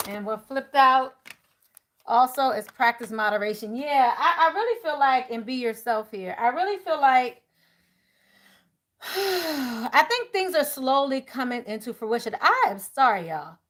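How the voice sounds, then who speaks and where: Woman with a high voice doing a tarot reading, chatty, talks to viewers like friends. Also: lively intonation, unhurried, fairly bright tone. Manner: chatty, addresses viewers as y'all. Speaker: tarot reader. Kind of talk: live tarot reading chat.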